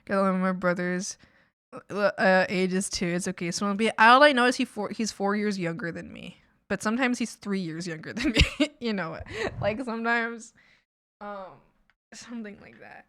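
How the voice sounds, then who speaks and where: A woman's voice: mid-range voice, normal speed, a bit bright, smooth, no echo, studio quality. A woman in her twenties chatting casually on stream, telling rambling family stories full of fillers and laughter. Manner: rambling, filler-heavy storytelling with frequent laughs. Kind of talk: casual chat.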